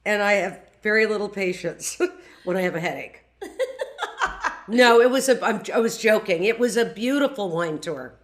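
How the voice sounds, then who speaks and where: Woman, casual chat, rambling, giggly, mid-pitched voice. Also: animated, moderate pace. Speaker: cast member on a reality show aftershow.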